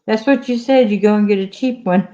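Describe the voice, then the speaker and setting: A woman with a warm, mellow voice adds wry one-liners to a casual true-crime chat. Her sound is dull and lo-fi. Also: mid-range voice, a little fast. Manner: wry, brief quips with laughter. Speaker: podcast co-host.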